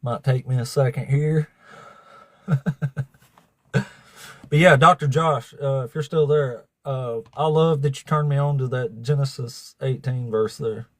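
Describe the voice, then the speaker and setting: A man's voice: medium pitch, measured pace, long pauses, no room sound. A man hosting a livestream of debates, chatting casually with viewers, swearing freely and laughing often. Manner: profane, laughing, talks to chat.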